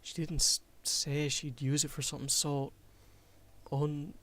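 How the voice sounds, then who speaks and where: A man's voice: on the high side, little pitch movement, unhurried, fairly bright tone. A man voicing an anxious, apologetic teenage boy in a visual novel, stumbling over his words.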